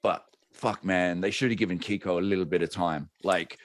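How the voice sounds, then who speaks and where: A man with a fairly low voice co-hosting a podcast, relaxed and conversational and full of "like" and "yeah". He is recorded close and dry, with no roominess. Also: fairly quick, dry recording. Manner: easygoing, many fillers and agreeing "yeah"s. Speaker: podcast co-host. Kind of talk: casual chat.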